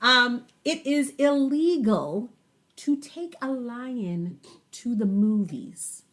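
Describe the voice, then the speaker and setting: A woman's voice: a little high, animated, slow. A woman co-hosting a podcast in casual banter, emphatic as she rants about pet peeves. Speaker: podcast co-host.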